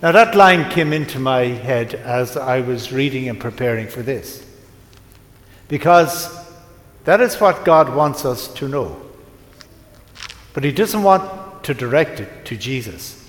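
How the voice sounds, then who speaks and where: A priest preaching to his congregation, telling a story in a gentle, unhurried way with pauses. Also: medium pitch, expressive. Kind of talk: sermon. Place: large church. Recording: echoey church from a distance.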